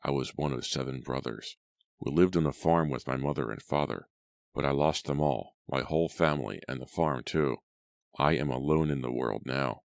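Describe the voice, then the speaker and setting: A man voicing a starving ragged male drifter, speaking slowly and weakly. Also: a bass voice, creaky, dry recording. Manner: slow, weak, pleading.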